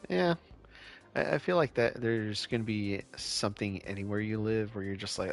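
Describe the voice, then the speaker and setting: A man's voice: mid-range voice, fairly even intonation, fairly quick, vocal fry, faint music behind. A man from California chatting casually with viewers while he plays a city-building game on a live stream. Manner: laid-back, chatty, answers chat questions.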